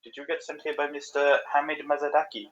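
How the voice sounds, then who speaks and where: A man's voice: on the high side, completely flat delivery, fast, a bit bright, natural voice. A man voicing a blunt, nosy adult man in a put-on French accent. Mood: teasing. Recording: dull, muffled stream audio.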